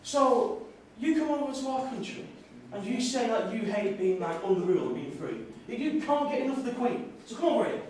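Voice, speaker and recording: A man's voice: very high-pitched, sing-song, fairly quick, hardly any pauses, a little mellow, slight background noise. A man playing a brash, bigoted nationalist party leader, swearing and bossing audience volunteers around on stage. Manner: crude, swearing, bossy crowd-work. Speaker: comedy stage performer. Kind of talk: live character comedy with audience volunteers. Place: stage in a hall before an audience. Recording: echoey hall, voice from far off.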